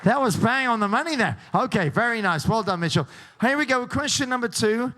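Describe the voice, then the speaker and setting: A man's voice: very high voice, expressive, a little fast, pushed and bright. A man hosting a game show, joking and teasing the contestants and laughing often. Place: cruise ship show lounge.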